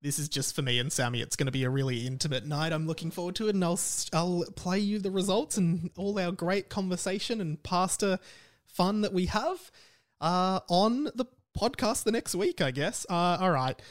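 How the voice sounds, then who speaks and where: A man's voice: high-pitched, moderate pace. A young Australian man hosting a podcast, chatty and self-mocking, laughing often and fighting hiccups. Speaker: podcast host. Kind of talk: casual podcast chat.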